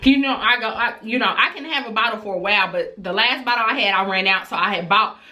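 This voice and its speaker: Bright-voiced woman telling a storytime. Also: medium pitch, fast talker. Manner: animated, acts out her kids' voices. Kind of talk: casual storytime.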